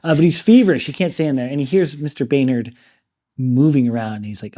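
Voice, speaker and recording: Man, casual book chat, warm tone, rambling filler-heavy delivery. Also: a little high, animated, fast. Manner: chatty, full of "like" and "you know". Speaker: book podcast co-host.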